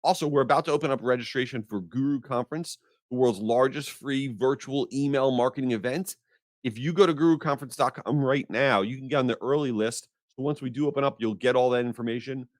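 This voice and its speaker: A man hosts his podcast in a casual, animated rant, his exasperation spilling into comic outbursts. His voice sits at an ordinary middle pitch. The sound is dry and close, with no room around it. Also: fast talker, no echo. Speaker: podcast host.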